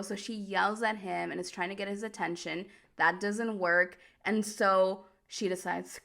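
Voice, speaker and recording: A woman chatting casually as a host, animated and quick to laugh, with lots of "like" sprinkled in. Her voice sits in a middle pitch with a noticeable gravelly fry at the ends of phrases. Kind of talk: casual chat recap.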